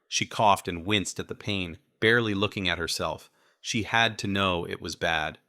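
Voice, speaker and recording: A man narrating an audiobook in the first person with measured, even storytelling. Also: low voice, no room sound, clean studio sound.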